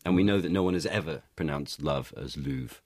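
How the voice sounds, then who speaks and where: An actor talking in an interview, animated and explanatory, often restarting his sentences. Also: a bass voice, brisk, slightly rough, no echo, clean studio sound. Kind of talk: interview chat.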